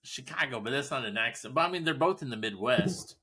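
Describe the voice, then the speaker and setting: A man's voice: mid-range voice, lively intonation, fairly quick, pushed and bright, breathy edge. A man co-hosting a podcast, rambling through stories in easygoing casual chat. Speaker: podcast co-host.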